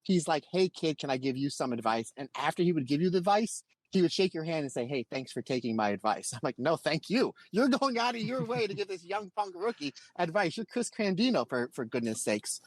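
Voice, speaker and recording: A man's voice: a little high, fairly quick, few pauses, no echo. A man from Pennsylvania co-hosting a podcast, telling a long story in casual chat and acting out the quotes. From Pennsylvania, USA. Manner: animated anecdote-telling with acted-out quotes. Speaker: podcast co-host.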